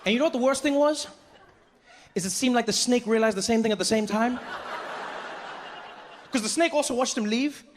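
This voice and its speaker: A man's voice: very high voice, normal speed, pauses often, background noise. A male stand-up comedian telling a story on a comedy stage. He talks into a handheld stage mic and acts out the people in his story. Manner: animated, acts out characters. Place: comedy stage before a live audience.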